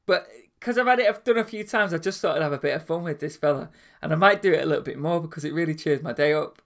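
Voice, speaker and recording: A man telling anecdotes in a casual chat, animated and acting out the voices of people in his stories. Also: a little high, quick pace, vocal fry.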